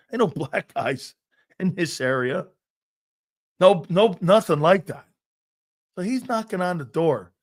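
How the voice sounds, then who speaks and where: A middle-aged man hosting a sports talk show, telling a profane, animated story and loudly acting out the people in it. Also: medium pitch.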